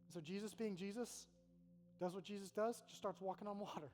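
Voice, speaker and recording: A man's voice: high-pitched, a little fast, darkish tone. A man, a college pastor, preaching a sermon in a large hall with an earnest, conversational manner and repeated phrases. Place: large hall with an audience in Oxford. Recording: echoey hall with faint hum.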